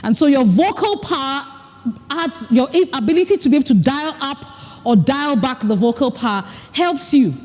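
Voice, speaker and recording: A woman's voice: sits high, lively intonation, moderate pace, a little mellow. A woman giving a workshop talk as a leadership coach, showing the points with her own voice and breath. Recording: long hall reverb.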